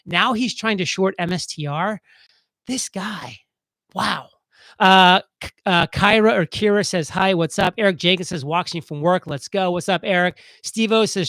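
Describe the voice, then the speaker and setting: A man hosting a casual live stream, talking fast and excitedly as he reads viewer comments aloud. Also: high-pitched, dry recording, poor audio.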